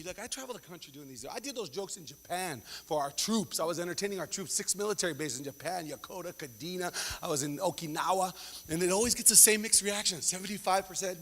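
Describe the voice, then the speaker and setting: A man performing a stand-up comedy set before a live audience, acting out his family in quick voices. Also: sits high, slight background noise. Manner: animated, acts out family members in quick voices. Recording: live hall with long reverb.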